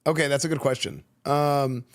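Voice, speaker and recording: A man from Texas with a Texan accent, a streamer chatting casually with a school class, relaxed and slangy, with lots of fillers and restarts. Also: medium pitch, moderate pace. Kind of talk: casual chat answering students' questions. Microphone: good streaming microphone.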